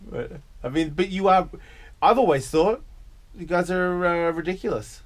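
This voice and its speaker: Higher-voiced man hosting radio banter. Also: moderate pace. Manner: loose, crude banter. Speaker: radio show host. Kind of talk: casual radio interview.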